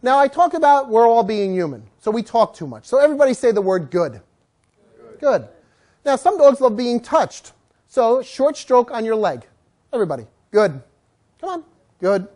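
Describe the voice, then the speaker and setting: A woman's voice: a little high, big pitch swings, fairly quick, mellow. A woman dog trainer teaching a live class, telling stories, acting out dogs and owners, and coaxing the group to repeat words after her.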